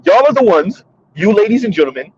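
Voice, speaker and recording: A man's voice: high voice, sing-song, a little fast, a little mellow, a little hiss or hum. A man in his thirties giving a sassy, preachy commentary monologue that he speaks straight to his audience. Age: 30s. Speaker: commentary streamer. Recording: dull lo-fi sound.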